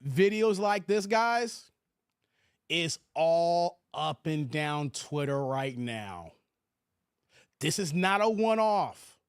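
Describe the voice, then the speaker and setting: A man's voice: fairly high pitch, very animated, drawn-out words, smooth, no room sound, studio quality. A man hosting a casual livestream, chatting loosely and reading viewer comments aloud. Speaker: livestream host.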